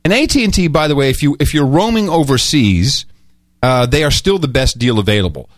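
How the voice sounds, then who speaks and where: A middle-aged man co-hosting a casual podcast, telling stories in a rambling, animated way. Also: medium pitch, brisk, no room sound. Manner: rambling, animated storytelling, with many restarts. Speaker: podcast host. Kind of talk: casual chat.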